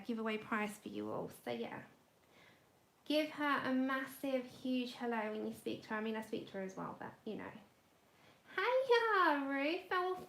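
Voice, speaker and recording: A woman's voice: vocal fry, fairly bright tone. Chatty woman hosting a colouring livestream. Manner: chatty, talks to her dog in high coaxing tones. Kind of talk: casual livestream chat. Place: home indoors. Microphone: phone.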